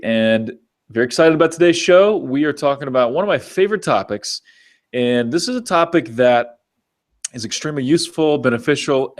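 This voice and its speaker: A man hosting a business interview show, enthusiastic and chatty, often restarting his words. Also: medium pitch. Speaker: podcast host. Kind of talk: upbeat show host chat.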